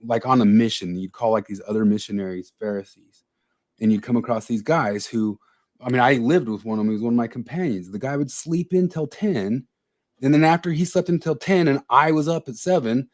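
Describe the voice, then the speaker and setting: A man's voice: medium pitch, a little fast. A man co-hosting a podcast, talking bluntly in casual chat and often repeating his words. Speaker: podcast co-host.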